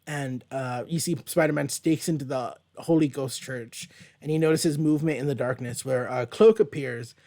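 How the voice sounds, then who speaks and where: A man's voice: mid-range voice, moderate pace, mellow. A man hosting a casual comic book review show from home, rambling and chatty with plenty of fillers and the odd swear word. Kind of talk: casual page-by-page comic commentary. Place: at home, with a dog nearby.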